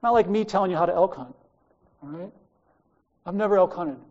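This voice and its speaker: A man's voice: high-pitched, fairly quick, a little mellow, muffled recording. An older man with an Australian accent, preaching a sermon in a conversational storytelling way, with wandering asides. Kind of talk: sermon with personal stories.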